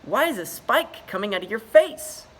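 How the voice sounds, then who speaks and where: Male reader doing an eager young beluga, squeaky-high and friendly, bright storybook read. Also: sing-song, normal speed, heavily acted. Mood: chirpy.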